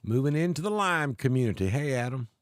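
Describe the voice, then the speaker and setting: A man from Alabama with a Southern accent tinged with north Georgia mountain talk, hosting a live weather stream in a folksy, unhurried way and greeting viewers by name. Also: mid-range voice, expressive, no echo, clean studio sound. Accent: Southern US, Alabama with north Georgia mountain mix. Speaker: weather livestream host.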